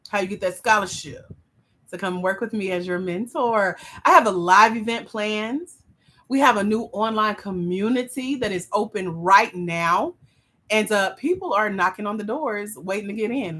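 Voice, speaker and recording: A woman with a Southern US accent hosting a livestream, teasing and hyping up her viewers in playful, animated chat. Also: mid-range voice, moderate pace. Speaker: livestream host and grant mentor.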